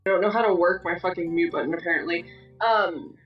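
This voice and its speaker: A woman's voice: on the low side, quick pace, soft background music. A woman co-hosting a live stream in casual chat, full of "like" and casual swearing. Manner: chatty, lots of "like", swears casually. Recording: roomy, distant and muffled.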